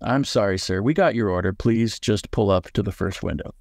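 A bored teenage boy buzzes through a muffled drive-thru speaker, as a man reads him aloud. His low, flat patience wears thin with every question. The sound is close and dry. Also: a little fast, creaky, no room sound. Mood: impatient. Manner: flat, growing impatient.

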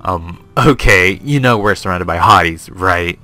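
A man's voice: sits low, a little slow, sharp tone, soft background music. A man voicing a laid-back young surfer dude with a stereotypical surfer drawl, loose and breezy. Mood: lazy.

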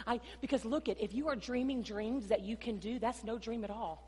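A woman pastor, preaching a sermon in an animated storytelling way and often calling the congregation "y'all". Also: on the high side, a little fast, hardly any pauses. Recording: long hall reverb.

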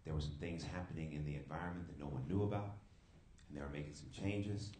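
With an extremely low voice and a fast delivery, a young adult youth speaker from the San Francisco Bay Area gives a sermon built around a personal story, tossing asides to the crowd. It was recorded live in a church hall, a roomy space with background noise.

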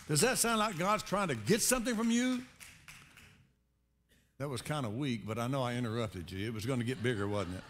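Man, pastor, sermon, conversational preaching, sudden loud emphatic rises, mid pitch. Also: very animated, a little fast.

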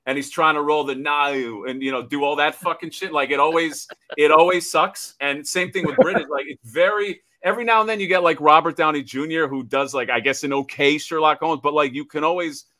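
A man's voice: fairly high pitch, a little fast, few pauses, bright, forceful tone. A man from Florida co-hosting a podcast, talking in an emphatic, profane, casual way. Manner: emphatic, swears a lot. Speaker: podcast co-host. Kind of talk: casual chat.

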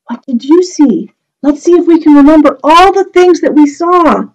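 A woman's voice: sits high, normal speed, a little mellow, poor audio. A young woman librarian leading a children's storytime, reading a picture book, chanting rhymes and singing in a sing-song, coaxing way.

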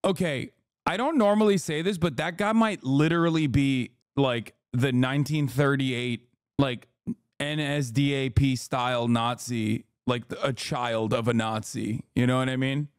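A man's voice: mid-range voice, fairly even intonation, a little slow, clean tone, no echo, clean studio sound. A man in his thirties livestreaming his reactions to a clip, casual, joking and sarcastic. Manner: joking, sarcastic, laughs between lines. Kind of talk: casual stream commentary.

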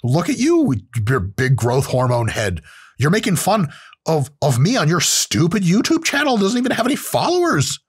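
A man's voice: a little high, huge pitch swings, normal speed, breathy edge, voice pushed up, full character voice. A man doing an impression of a stern, scolding older male psychologist who lectures mockingly.

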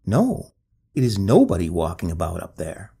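A man voicing a nervous, secretive, sickly stout man with a sharp, rasping voice in a spoken ghost story. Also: low voice, wildly swooping pitch, moderate pace, voice pushed down, full character voice.

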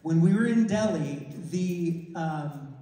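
A man preaches a testimony sermon, his somewhat high, mellow voice acting out conversations and often restarting his sentences. He sounds distant from the microphone, and a long, echoing hall reverb trails every phrase. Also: slow pace. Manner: storytelling, acts out dialogue, frequent restarts and self-corrections. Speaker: minister reporting on a mission trip. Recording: echoey hall, mic far off.

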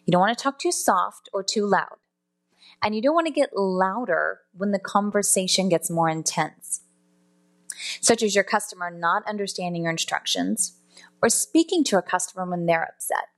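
A woman's voice: mid-range voice, animated, normal speed. A woman teaching customer service phone skills in a spoken lesson, explaining step by step and now and then correcting herself. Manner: explanatory, self-correcting, demonstrates tones aloud.

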